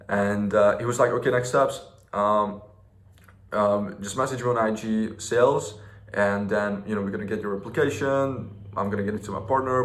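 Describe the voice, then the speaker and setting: A man's voice: lowish voice, roomy sound. A young man telling a story in a casual vlog, rambling and slangy with lots of fillers and restarts. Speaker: vlogger.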